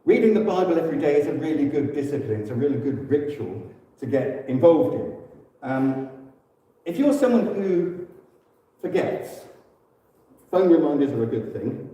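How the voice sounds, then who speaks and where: English man, warm low-key church speaker, chatty with fillers; roomy hall sound from afar. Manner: relaxed and conversational, with frequent fillers and self-corrections. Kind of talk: informal church teaching talk. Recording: echoey hall, distant mic.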